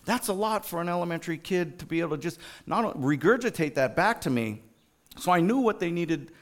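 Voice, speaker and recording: A man sharing a story in an informal church talk, animated, with many fillers and restarts. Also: fairly high pitch, a little fast. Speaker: school district staff sharing a testimony at church.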